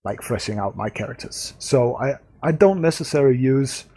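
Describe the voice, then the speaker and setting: Husky-voiced Danish host. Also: male voice, mid-range voice, expressive, normal speed, mellow. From Denmark. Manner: hesitant, searching for words. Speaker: podcast host. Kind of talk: casual interview chat.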